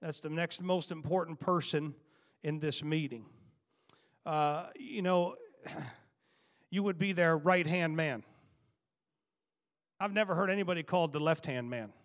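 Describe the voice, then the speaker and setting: A man's voice: a little high, a little slow, long pauses. A man preaching a sermon, reading scripture aloud, then praying and preaching with emphatic bursts and playful jabs at the congregation.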